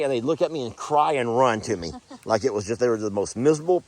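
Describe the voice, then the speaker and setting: A man's voice: medium pitch, fast talker, a little mellow. A middle-aged man talking casually to the camera and cooing at his animals outdoors on a farm. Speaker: farm vlogger.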